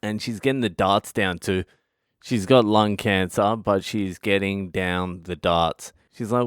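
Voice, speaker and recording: Australian male comedian, low smooth voice, dry close sound, swears freely while rambling through stories. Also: steady tone, measured pace, dry recording. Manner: profane, rambling storytelling. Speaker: comedian and podcast host. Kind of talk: casual comedic monologue.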